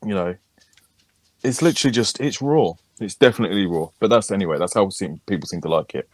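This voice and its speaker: A man's voice: low voice, quick pace, no echo. A man, co-hosting a podcast in a casual, crude, joking chat. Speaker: podcast co-host.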